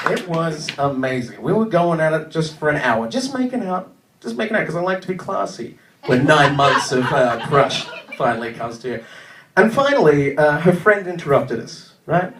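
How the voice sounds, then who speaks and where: Animated young man telling a story onstage. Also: a little high. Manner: animated, self-mocking, quick asides. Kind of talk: live comic storytelling. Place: live stage show in a venue. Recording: roomy sound from a distance.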